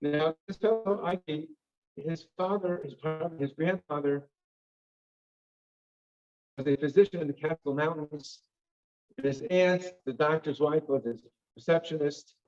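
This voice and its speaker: A man's voice: a little high, measured pace, pauses often, darkish tone. A man telling stories to a synagogue audience, vivid and theatrical with wry asides. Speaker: guest speaker. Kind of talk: dramatic storytelling talk. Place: synagogue hall. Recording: dull lo-fi recording.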